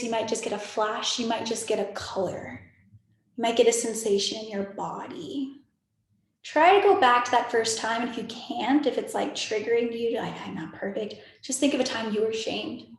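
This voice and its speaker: A woman in her twenties leading a guided meditation on a video call, talking in a soft, soothing, repetitive way with casual filler words. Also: fairly high pitch, very echoey. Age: 20s. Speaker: spiritual meditation leader. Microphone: video call microphone.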